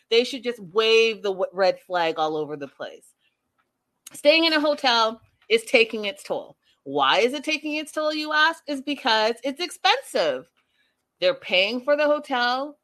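A woman's voice: mid-range voice, pushed and bright. Sassy woman recapping reality TV. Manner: sassy, opinionated, talks straight to viewers. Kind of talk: casual reality TV recap commentary.

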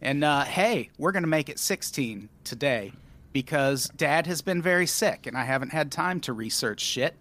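A man's voice: on the high side, normal speed. A man hosting a comedy podcast, teasing his co-host and guest in casual banter. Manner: animated, teasing, sarcastic.

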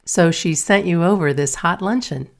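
A woman's voice: lowish voice, normal speed, gravelly. A woman voicing a sweet eager neighbour girl. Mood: wistful. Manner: shy and wistful, then startled.

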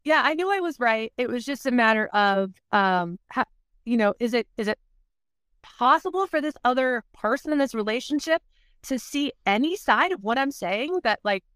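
She's a podcast guest recounting her experiences frankly at a moderate pace, her high-ish, fairly bright voice expressive as she fills in with "like" and reenacts conversations. The sound is dry and studio quality.

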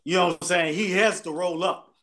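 A man's voice: sits high, fairly even intonation, a little fast, a bit bright, a little hiss or hum. A man co-hosting a podcast in loose, rambling, profane banter with friends. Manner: loose, rambling, swears freely. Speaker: podcast co-host. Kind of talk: casual banter among friends.

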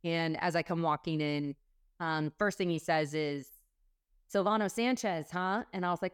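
A woman's voice: on the low side, moderate pace, smooth, no echo, clean studio sound. A woman guest in a conversation, telling a personal story earnestly, with a rush of quoted dialogue.

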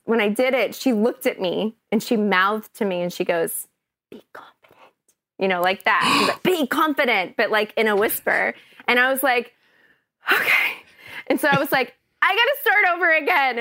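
A woman from Kentucky, an actress guest on a podcast, telling a story in an animated, chatty way. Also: on the high side, a little fast, no echo. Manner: chatty, animated, often laughing.

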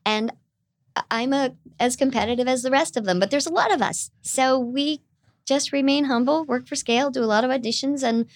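A woman's voice: high-pitched, a little fast, dry recording. A middle-aged woman voice actor with a youthful, girlish-sounding voice, chatting animatedly as an interview guest. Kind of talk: casual interview chat.

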